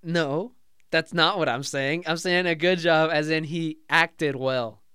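Relaxed man retelling movie scenes. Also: fairly high pitch, measured pace, clear, resonant tone, dry recording, studio quality. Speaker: movie discussion co-host. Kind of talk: casual chat.

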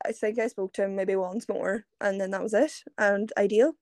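A woman's voice: medium pitch, fairly even intonation, normal speed, darkish tone, no echo. A young Irish woman in her twenties, a podcast guest telling a long casual story and laughing often. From Ireland. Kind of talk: casual chat.

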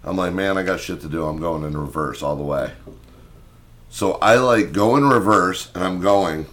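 A young man co-hosting a podcast, telling a story in casual, profane chat and loudly acting out what he said back then. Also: deep voice, moderate pace. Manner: animated, swearing, acts out his own past lines loudly. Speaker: podcast co-host.

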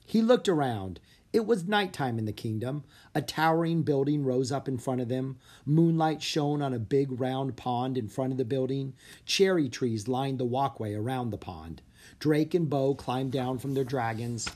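A reader narrating a children's fantasy audiobook with expressive, animated storytelling. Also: medium pitch, moderate pace.

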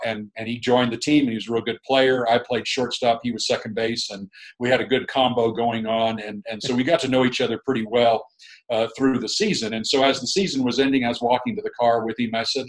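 A man's voice: medium pitch, low-quality recording. A middle-aged man, a guest minister, telling a long story in a rambling, chuckling, casual way with many restarts.

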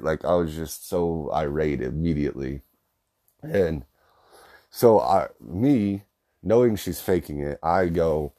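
A man's voice: extremely low pitch, takes it slowly, dark tone. A young man in his twenties telling a personal story casually, rambling with lots of fillers and swearing. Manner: rambling, profane, filler-heavy.

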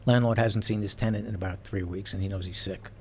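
A man and former police officer telling stories in casual chat, animated and laughing as he goes. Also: on the low side, quick pace, slight background noise. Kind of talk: casual storytelling.

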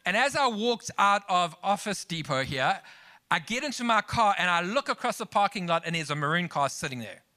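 A man's voice: sits high, sing-song, fairly quick, pushed and bright. A man preaching a sermon, emphatic, mixing scripture with personal stories told to the congregation. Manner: emphatic preaching with rising exclamations; storytelling asides to the congregation. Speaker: pastor.

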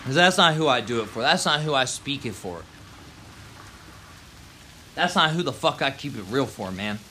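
A vlogger from Baltimore, Maryland rants heatedly and profanely on his front porch in the rain, peppering his talk with "man" and "yo." His medium-pitched voice is animated, pushed and bright, at a moderate pace, with a slight hiss or hum.

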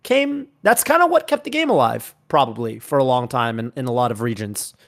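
A man's voice: medium pitch, sing-song, brisk, vocal fry. A man in a conversational discussion, speaking thoughtfully and affirming the others' points.

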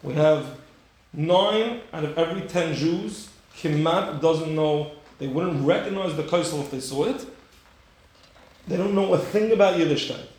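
A man teaching a Torah class with rhetorical questions, his voice a touch high for a man. He acts out the story with sudden high, loud bursts. The room is strongly echoey. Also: unhurried. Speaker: rabbi giving a class.

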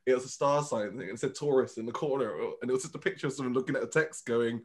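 Campy drag performer, chatty. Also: male voice, medium pitch, fast. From United Kingdom. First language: Vietnamese. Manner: animated, campy storyteller who acts out quotes. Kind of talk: casual interview chat.

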